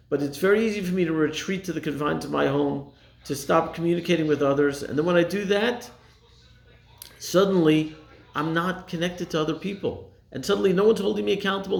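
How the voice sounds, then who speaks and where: A man in his forties speaks as a rabbi with a rough, gravelly texture and a voice pitched a little high. He talks earnestly and stresses his points by repeating phrases. The sound is echoey, as if recorded in a reflective room. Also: lively intonation, a little fast. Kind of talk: motivational talk to a congregation.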